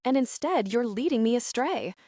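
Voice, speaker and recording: A woman's voice: a little high, lively intonation, moderate pace, darkish tone, no room sound, voice pushed up, close to an everyday voice. A woman voicing a playful, spirited young American heiress who talks in a teasing way.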